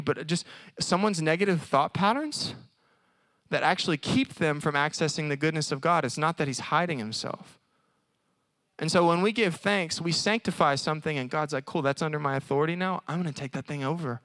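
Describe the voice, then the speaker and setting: A man preaching at a college service in a conversational, animated way, often acting out little voices. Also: fairly high pitch, no room sound. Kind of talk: sermon.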